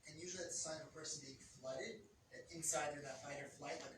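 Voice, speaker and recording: Animated woman explaining, roomy distant sound. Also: deep voice, quick pace, background noise. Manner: animated, acts out quoted couples. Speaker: couples therapist. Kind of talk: explanatory talk on relationships.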